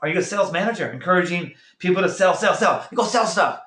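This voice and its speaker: A middle-aged man giving an energetic motivational talk as a network marketing trainer, firing off rhetorical questions and acting out quick quotes. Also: sits high. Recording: roomy echo.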